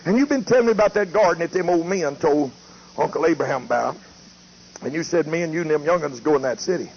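A man's voice: fairly high pitch, expressive, fast, vocal fry, darkish tone. A preacher voicing Lot's wife, an old-fashioned, worried mother, in a plain, homely drawl with a doubtful tone. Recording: muffled lo-fi tape with faint hiss.

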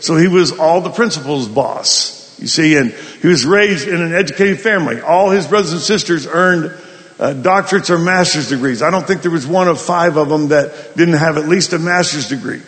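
A man preaching a sermon in the style of a storyteller, folksy and lively, breaking into laughter. His voice sits a little high for a man. It rings out with a long reverb, as in a large hall. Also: moderate pace. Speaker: pastor.

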